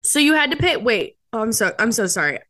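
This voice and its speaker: Chatty young woman, slightly high voice. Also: big pitch swings, quick pace, bright, forceful tone. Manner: chatty storyteller, acts out quotes, many fillers. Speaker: podcast co-host. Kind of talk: casual chat.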